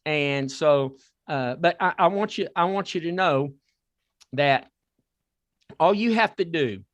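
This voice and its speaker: A man with a Southern accent hosting a talk podcast, excitable and repeating himself as he pitches a sponsor. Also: takes it slowly, no echo. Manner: excitable, repeats words and restarts. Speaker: podcast host. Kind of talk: casual chat with a sponsor plug.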